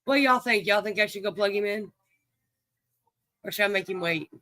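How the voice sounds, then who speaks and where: A man's voice: high voice, moderate pace, pushed and bright, no room sound. A man hosting a livestream game, chatting in a folksy way and greeting viewers by name. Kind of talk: casual livestream chat, reading viewers' names.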